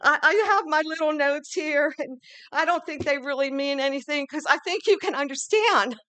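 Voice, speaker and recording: A woman's voice: high voice, normal speed, pushed and bright. A woman giving a public comment at a meeting, emotional and pleading, rambling between points.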